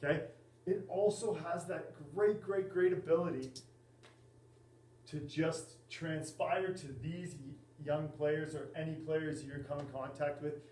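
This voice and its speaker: A man, a volleyball coach, giving a class presentation in a halting way with many fillers and restarts. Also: fairly high pitch, steady tone, a little mellow. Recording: echoey room, mic at a distance.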